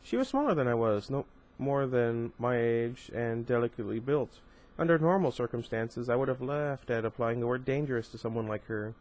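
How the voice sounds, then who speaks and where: A man reading a first-person novel aloud, steady but with occasional stumbles and asides. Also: mid-range voice, normal speed, few pauses. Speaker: amateur audiobook reader.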